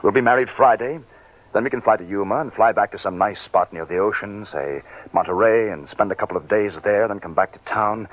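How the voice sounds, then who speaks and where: An actor playing a scheming young office manager who talks smoothly but stammers when cornered, in 1940s radio acting. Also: male voice, on the low side, a little fast, lightly acted. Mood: tender. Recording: phone-like old radio recording.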